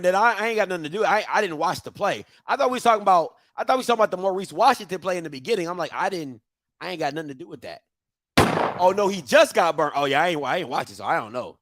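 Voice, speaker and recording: Excitable man reacting loudly to football. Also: sits high. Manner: loud, excitable, trash-talking. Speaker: watch party host. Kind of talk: live reaction commentary.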